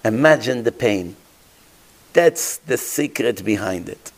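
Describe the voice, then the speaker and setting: A man's voice: mid-range voice, animated, takes it slowly. A man preaching as a rabbi, telling stories dramatically in imperfect English and asking his listeners rhetorical questions. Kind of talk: sermon.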